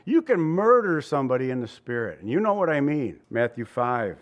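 A pastor preaches conversationally in a mid-pitched, very animated voice at a brisk pace, with the high frequencies cut off. He poses rhetorical questions and chuckles from time to time.

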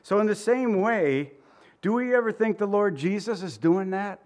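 A man preaching with a slightly high voice. He keeps it conversational, stepping into short quoted asides and asking the congregation rhetorical questions. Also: expressive, moderate pace, a little mellow. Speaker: pastor. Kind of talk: sermon.

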